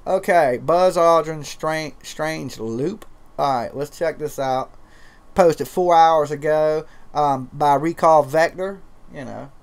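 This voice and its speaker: A man's voice: fairly high pitch, slow, clear, resonant tone. A man from Georgia with a twangy Southern accent, hosting a casual, profane, rambling livestream chat. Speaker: livestream host.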